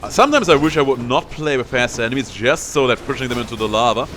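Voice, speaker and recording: A man's voice: medium pitch, lively intonation, fast, a bit bright, a little hiss or hum. Playful man narrating his gameplay. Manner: playful, taunts enemies aloud. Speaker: gameplay streamer. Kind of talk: casual gameplay commentary.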